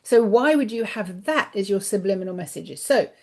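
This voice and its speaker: A woman's voice: mid-range voice, lively intonation, moderate pace. A woman giving a spiritual card reading in an emphatic monologue, repeating words for stress. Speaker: spiritual card reader and channel. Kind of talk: inspirational monologue to camera.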